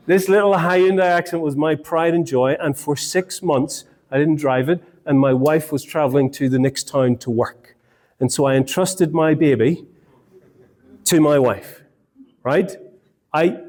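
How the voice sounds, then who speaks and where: A man's voice: fairly high pitch, unhurried, darkish tone. A man, telling a humorous personal story in a sermon.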